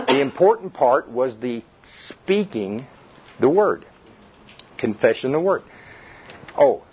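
A man's voice: medium pitch, breathy edge. A man leading an informal Bible study for a small group indoors, talking in a folksy way with lots of repetition and restarts, and often checking with his listeners. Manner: folksy, repeats himself, restarts, questions the group. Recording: dull, lo-fi recording.

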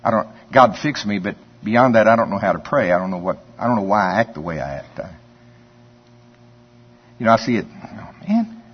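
A man's voice: fairly low pitch, lively intonation, moderate pace, breathy edge. A man preaching a sermon in a folksy, conversational way, telling stories and chuckling often. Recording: dull lo-fi sermon recording.

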